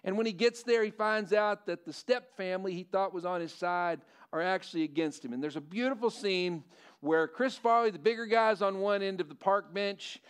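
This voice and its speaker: A man's voice: high voice, brisk, clear, resonant tone. A middle-aged male pastor preaching a sermon in a conversational way, often asking the congregation questions.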